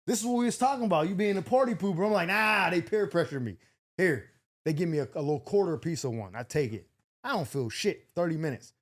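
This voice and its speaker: A young man telling a wild story in casual chat, animated, swearing freely and acting out the other people's lines. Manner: animated, acts out quotes with big pitch jumps, swears freely. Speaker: podcast host.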